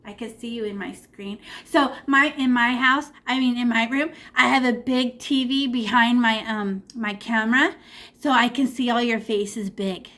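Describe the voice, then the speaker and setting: A bright-voiced woman leads a children's painting class over a video call from her room at home. She sits high in her register and keeps up a lively, encouraging patter meant for young kids. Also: moderate pace. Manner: animated, encouraging, talks to kids. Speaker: art teacher. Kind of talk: online art class for children.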